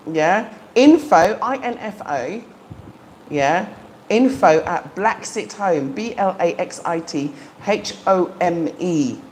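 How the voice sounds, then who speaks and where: A woman's voice: fairly low pitch, a little hiss or hum. A middle-aged woman hosting a live stream from her home, chatting casually and enthusiastically to viewers with frequent ums. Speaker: livestream host. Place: home in the Gambia.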